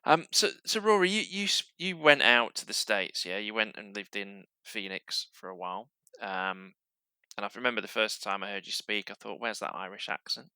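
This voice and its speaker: A man from Yorkshire with a softened Yorkshire accent hosts a casual podcast chat. His voice sits low yet sounds sharply bright and smooth, recorded dry and close. He talks in loose, chatty runs full of restarts. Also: lively intonation, normal speed, dry recording. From Yorkshire, England. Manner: chatty, many restarts and fillers. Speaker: podcast host.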